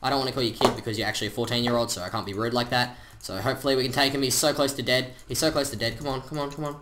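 A man giving chatty, excitable commentary over his own gameplay, full of slang. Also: medium pitch, rapid-fire, noisy background. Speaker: gaming channel host.

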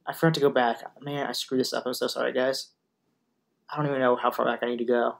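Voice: medium pitch, level tone, fast talker, gravelly. A music producer giving casual, gushing reaction commentary to a music video, bursting into exclamations and rambling between them.

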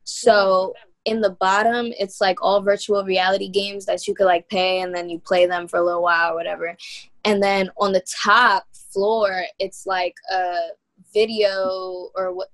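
A woman's voice: medium pitch, level tone, moderate pace, fairly bright tone. A young woman from New York, a guest musician telling stories in a loose, slangy, laid-back way during a casual interview chat.

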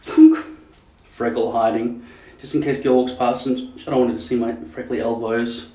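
A man's voice: mid-range voice, little pitch movement, moderate pace, mellow. A man vlogging casually at home, joking and swearing as he rambles. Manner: crude, joking, mocking. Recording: echoey dull room sound.

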